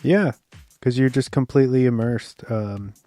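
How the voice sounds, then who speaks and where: A man's voice: medium pitch, normal speed, dark tone, faint music behind. A man co-hosting a podcast, chiming in with short agreeing remarks in casual chat. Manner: brief agreeing interjections. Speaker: podcast co-host. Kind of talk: casual film review chat.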